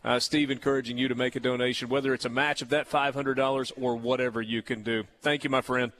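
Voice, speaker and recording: A man's voice: medium pitch, little pitch movement, quick pace, fairly bright tone. A man hosting a radio talk show, bantering playfully with a guest and making a fundraising appeal from the studio. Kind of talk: casual on-air chat and fundraising appeal.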